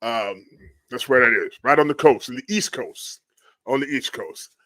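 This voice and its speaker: A man from Florida hosting a livestream and commenting on storm damage photos, murmuring hushed, prayerful exclamations between his remarks. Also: mid-range voice, normal speed, dry recording. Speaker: livestream host.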